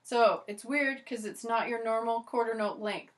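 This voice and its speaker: A woman's voice: on the high side, normal speed, faint music behind. Chatty woman violin teacher. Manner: chatty and encouraging, with lots of "so" and "okay". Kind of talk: instructional video lesson. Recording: loud violin playing between phrases.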